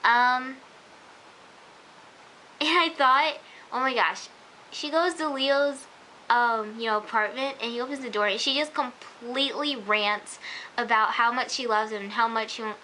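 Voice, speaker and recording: A young woman talks through a TV episode in a casual, gushing vlog. Her voice sits fairly high and sounds bright and crisp. She leans hard on "like" and "oh my gosh," and a faint hiss runs under the recording. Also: measured pace, low-quality recording. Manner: gushing, chatty, many "like" and "oh my gosh". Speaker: vlogger.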